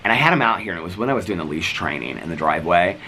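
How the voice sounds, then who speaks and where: Man vlogging, casual rambling story, low voice, bright edge, faint room hiss. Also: expressive, very fast, rough recording. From United States. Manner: rambling, retells scenes acting out each line. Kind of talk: casual chat to camera.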